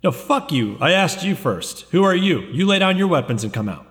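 A man's voice: a little high, big pitch swings, brisk, a bit bright, slightly rough, voice pushed up, exaggerated voice. A man voicing a tough, curt female gang leader barking orders. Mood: threatening. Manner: curt, commanding.

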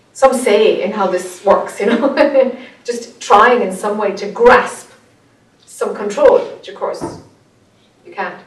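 A woman with an Irish accent, teaching a group, speaking earnestly and growing animated as she tells a story. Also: mid-range voice. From Ireland. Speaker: spiritual teacher. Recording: echoey room, voice from a distance.

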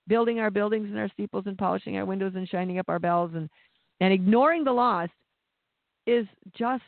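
A high-pitched man delivers an impassioned sermon, doubling back on words as his fervor builds. The sound is dry and narrow, like a phone recording. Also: no room sound. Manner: impassioned, repeats words when stirred. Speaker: preacher.

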